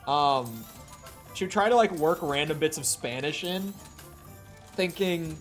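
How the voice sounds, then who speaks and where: A man's voice: fairly high pitch, animated, a little slow. Rambling male streamer chatting over gameplay. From Upper Midwest of the United States. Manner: rambling, storytelling asides. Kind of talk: casual chat while playing a video game. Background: faint game music.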